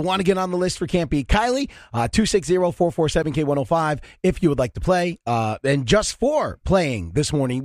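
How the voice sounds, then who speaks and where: A man's voice: a little high, dry recording, studio quality. A man hosting a morning radio show, casually plugging a call-in contest. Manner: easygoing, reads out a call-in number. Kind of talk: radio promo chat.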